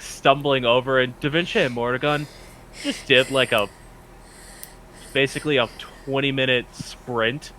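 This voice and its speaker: A man's voice: mid-range voice, bright, forceful tone, a little hiss or hum, poor audio. A man narrating as game master of a tabletop game in an easygoing, descriptive way.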